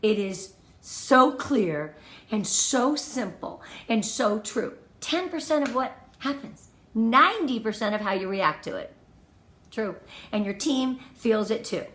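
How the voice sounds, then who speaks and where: Slow, expressive and fairly bright, this woman's somewhat high voice leads an enthusiastic, emphatic training talk for her direct sales team in an echoey room. She counts off tips and keeps repeating her key points.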